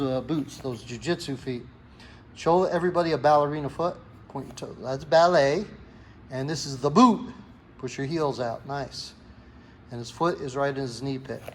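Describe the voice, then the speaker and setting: A man's voice: fairly high pitch, slight background noise. A man coaching a kids' jiu-jitsu class, calling out counts and encouraging a young helper. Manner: upbeat, encouraging, calls out counts.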